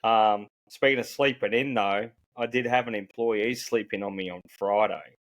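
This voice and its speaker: A man's voice: on the low side, steady tone, normal speed, fairly bright tone, no echo. A man, a podcast co-host and business owner, complaining sarcastically in casual chat.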